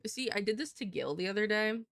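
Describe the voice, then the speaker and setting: Young woman streamer, gravelly fry, casual and profane, dry close mic. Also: mid-range voice, expressive, a little fast, no room sound. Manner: rambling, profane, heavy use of "like". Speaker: live streamer. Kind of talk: casual live-stream chat.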